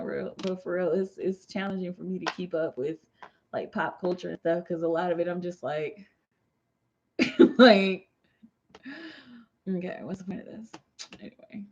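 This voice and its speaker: A slightly tipsy woman in her thirties chats loosely on a livestream, laughing between slangy, laid-back remarks as a tarot reader. Her voice is mellow and relaxed, and the audio comes through a little dull. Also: medium pitch. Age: 30s. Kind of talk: casual livestream chat.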